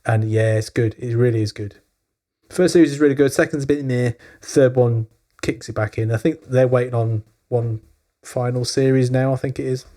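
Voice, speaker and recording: A man hosting a podcast, talking in a relaxed, conversational way with quick asides. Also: medium pitch. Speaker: podcast host. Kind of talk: casual podcast chat.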